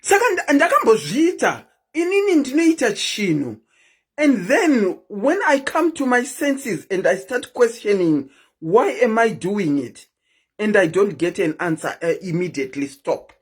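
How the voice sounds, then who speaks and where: A woman's voice: mid-range voice, big pitch swings, a little slow, breathy edge. A woman hosting a live stream, chatting casually and keeps asking her viewers questions.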